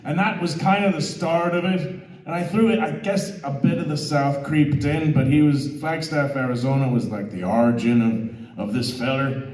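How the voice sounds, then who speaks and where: A man telling a relaxed, trailing story as a voice actor on a panel. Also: a little high, moderate pace. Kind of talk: casual storytelling on stage. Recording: echoey hall, distant mic.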